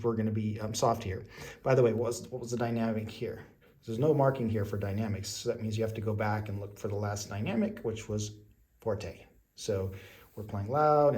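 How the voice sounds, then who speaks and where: A man's voice: on the low side, a little mellow. A man teaching an online music lesson, patiently explaining each step and checking in often.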